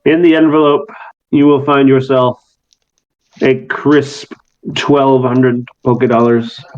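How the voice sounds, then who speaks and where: A man running a tabletop game, narrating in a loose, chatty way with lots of fillers. His voice sits at an ordinary mid pitch. The audio is slightly muffled and lo-fi. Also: flat delivery, slow pace. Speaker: game master.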